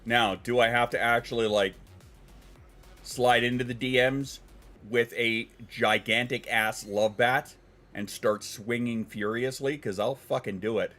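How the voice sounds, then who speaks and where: A man's voice: mid-range voice, fairly even intonation, unhurried, fairly bright tone, soft background music. A man hosting a casual livestream, rambling and joking with plenty of profanity. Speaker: livestream host.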